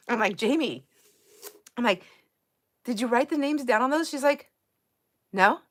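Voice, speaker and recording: A woman's voice: a little high, animated, unhurried, fairly bright tone. Chatty woman hosting a live stream. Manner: chatty, laughs often, restarts sentences. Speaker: livestream host. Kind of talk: casual live-stream chat.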